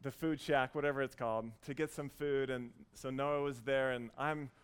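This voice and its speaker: A man in his thirties preaching a sermon, earnest and warm as he tells a story, with frequent restarts. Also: medium pitch, fairly even intonation, normal speed, clear, resonant tone. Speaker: pastor.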